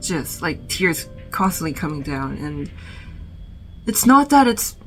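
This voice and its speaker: A woman vlogging from her bedroom, talking about films in a reflective, halting way full of "like". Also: deep voice, sing-song, fairly bright tone, soft background music, poor audio. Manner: reflective, halting, heavy use of "like". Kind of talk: casual film recommendations.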